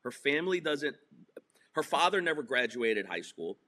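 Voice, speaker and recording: Animated, bright-voiced middle-aged man. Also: medium pitch, moderate pace. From New Jersey / New York. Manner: animated, profane, emphatic storytelling. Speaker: podcast guest. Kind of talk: casual storytelling interview.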